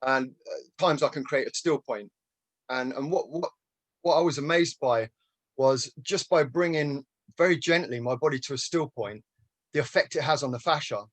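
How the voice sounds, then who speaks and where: A man's voice: mid-range voice, moderate pace, no echo. A man in a casual group chat, explaining earnestly with many fillers and restarts. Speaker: group participant.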